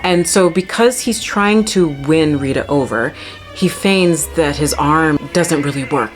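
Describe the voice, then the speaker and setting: A woman's voice: deep voice, normal speed, music in the background. A young woman who is an opera singer and channel host, chattily and enthusiastically explaining an opera plot.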